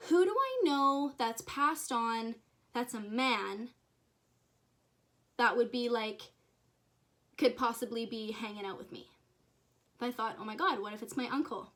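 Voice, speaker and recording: A young adult woman telling a spooky personal story to camera in an excitable, chatty way, full of fillers and asides to viewers. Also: fairly high pitch. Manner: excitable, chatty, lots of "like" and "you guys". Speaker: vlogger and dance teacher.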